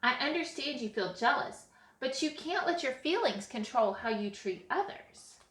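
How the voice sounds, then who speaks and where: A woman's voice: high voice, normal speed, voice pushed up. A woman doing a patient, kindly teacher. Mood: instructive. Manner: calm, explanatory. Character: patient kind schoolteacher woman. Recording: echoey room.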